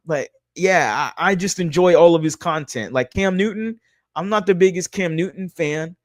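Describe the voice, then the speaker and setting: Houston guy hosting a sports podcast, kinda high voice, all hype then mumbly asides, dry close mic. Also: dry recording. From Houston, Texas. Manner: energetic, swears freely, shifts from loud hype to low asides. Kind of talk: casual sports reaction talk.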